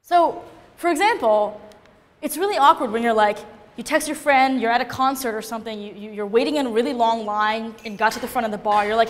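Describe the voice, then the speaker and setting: A woman giving a casual, animated classroom lecture, often checking in with her listeners by asking "right?". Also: fairly high pitch, quick pace, long reverb tail.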